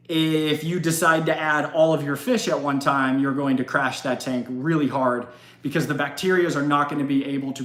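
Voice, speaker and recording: A man's voice: on the high side, fairly bright tone. A man hosting a casual live question-and-answer stream, chatty and rambling, often laughing. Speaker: livestream host. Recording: roomy echo.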